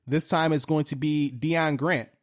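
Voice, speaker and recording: A man's voice: on the high side, steady tone, a little slow. A man co-hosting a casual sports chat, upbeat and conversational, sometimes repeating himself. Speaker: co-host.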